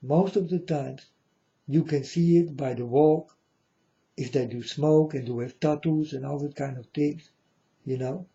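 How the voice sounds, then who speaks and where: A man talks in a slow, rambling monologue full of profanity, his English marked by non-native grammar. His voice is very dark and heavy with fry. The recording sounds dull and lo-fi. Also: on the high side, fairly even intonation. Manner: rambling, profane, with frequent "you know". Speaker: self-styled spiritual speaker. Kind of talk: casual spoken monologue.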